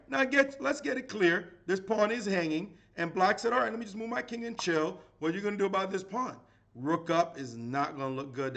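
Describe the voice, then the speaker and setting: A middle-aged man giving live chess commentary as a grandmaster, animated and playful, with dramatic exclamations. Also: fairly high pitch.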